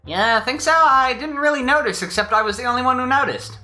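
A playful woman chatting and reading game dialogue in a let's play. Her voice is very bright and lively, a little high. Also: fast talker, soft background music. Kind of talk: casual let's play chat and voice dubbing.

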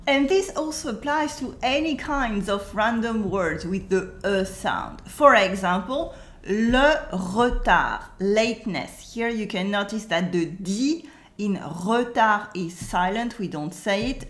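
A woman with a French accent teaching a scripted language lesson, modeling words slowly and carefully for learners to repeat. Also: mid-range voice, lively intonation, roomy sound. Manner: slow, careful model pronunciations and drills.

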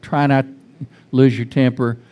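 A man's voice: mid-range voice, little pitch movement, measured pace, mellow. A male pastor giving an informal, conversational sermon in a church, often restarting sentences and putting questions to the congregation. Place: church sanctuary.

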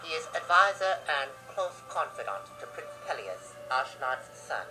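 A gamer reading a video game cutscene aloud, voicing a gruff, steady old army general in a deliberately bad old-man accent. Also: mid-range voice, close to an everyday voice, low-quality recording. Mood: reassuring. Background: game music.

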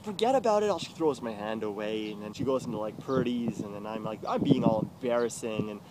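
A young man swearing his way through an agitated, confessional rant, getting loud and then going quiet. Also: lowish voice, steady tone, fairly quick. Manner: profane, agitated, swings loud and soft. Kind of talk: ranting confessional monologue. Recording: loud street noise outdoors.

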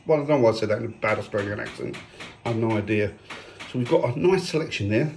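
A man's voice: fairly low pitch, fast, vocal fry, a little mellow, slight background noise. A man vlogging casually in his garden, jokey and self-mocking about his family. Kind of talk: casual family vlog chat. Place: garden outdoors.

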